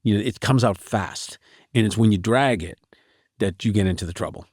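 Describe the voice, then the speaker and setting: A middle-aged man, talking as a writer guest in a relaxed, wry interview, laughing often as he tells stories. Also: fairly low pitch, moderate pace, no echo, studio quality. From Boston. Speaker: novelist and screenwriter guest.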